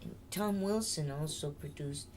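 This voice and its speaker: A woman's voice: sits low, measured pace, a little mellow, a little hiss or hum. An older woman, a singer, telling her life story in a candid, chatty interview and laughing often.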